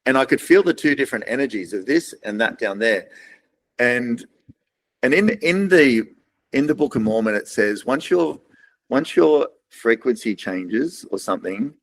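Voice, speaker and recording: A man's voice: mid-range voice, expressive, moderate pace, rough recording. Australian man telling rambling life stories. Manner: rambling, acts out other people's lines in quoted voices. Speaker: podcast guest. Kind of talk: casual storytelling interview.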